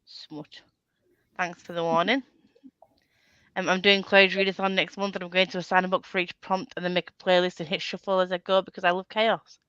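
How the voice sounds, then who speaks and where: A woman's voice: fairly low pitch, little pitch movement, a little fast, fairly bright tone, clear, resonant tone, no echo, muffled recording. Chatty woman on a call. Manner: chatty, laughs often, reads comments aloud. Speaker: booktube host. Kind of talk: casual chat on a group video call.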